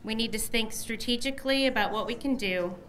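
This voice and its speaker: A middle-aged woman delivers her election night victory speech, emotional and effusive as she thanks her supporters. Her voice is bright and ringing and sits a little high. She sounds warmly overwhelmed and grateful throughout. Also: brisk. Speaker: newly elected candidate. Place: campaign headquarters party.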